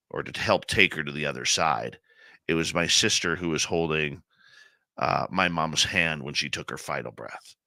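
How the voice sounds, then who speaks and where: Radio host guy, real low voice but bright and sharp, emotional storytelling, dry sound. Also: no room sound. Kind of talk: conversational interview.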